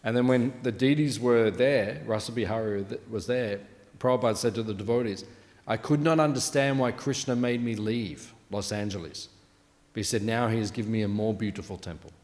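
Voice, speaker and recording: A man's voice: fairly low pitch, darkish tone, big-room sound. A man giving a morning scripture class, telling anecdotes in a casual way, full of fillers and "right?" asides. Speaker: class speaker.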